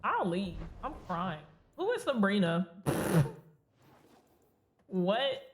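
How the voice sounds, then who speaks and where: Speaking very slowly in a sing-song, mid-range voice, a woman streamer gives casual, giggly commentary on her game and talks to its characters. Slight background noise and faint game music accompany her.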